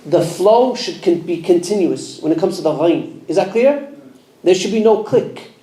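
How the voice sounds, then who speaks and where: A man's voice: high-pitched, expressive, moderate pace, mellow. A man teaching Quran pronunciation in a mosque class, sounding out letters and quizzing his students with questions. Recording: echoey room.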